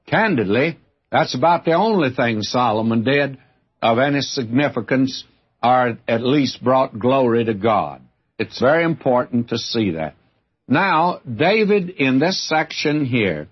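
A male Bible teacher preaching slowly in a folksy, earnest way, addressing his listeners directly. His pitch rises and falls freely, and his voice has a husky edge. The recording is dull and lo-fi, like an old broadcast. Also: lively intonation. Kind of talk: radio Bible teaching sermon.

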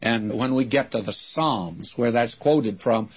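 Older male preacher, husky, folksy and unhurried storyteller, dull lo-fi recording. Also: medium pitch. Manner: folksy storytelling, mimics voices in anecdotes. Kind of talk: radio Bible-teaching sermon.

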